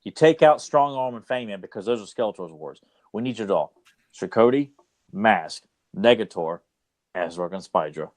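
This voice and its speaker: A man's voice: on the low side, moderate pace, a little mellow. A man with a Southern US accent co-hosting a podcast, chatting casually with boastful jokes. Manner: joking, boastful banter. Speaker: podcast co-host. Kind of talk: casual chat.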